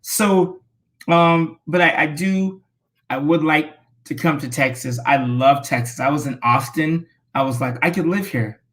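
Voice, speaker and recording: A man from California talks casually as a show guest in a bright voice. He gets animated and laughs a lot as he pitches his ideas. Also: a little slow. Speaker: guest financial commentator. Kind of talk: casual talk show chat.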